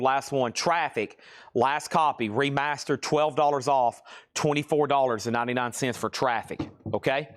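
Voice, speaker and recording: A man hosting a live-stream vinyl sale, calling bids in quick auctioneer patter and cracking jokes between items. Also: medium pitch. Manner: rapid auctioneer chanting, joking asides. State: sweaty and restless, pacing.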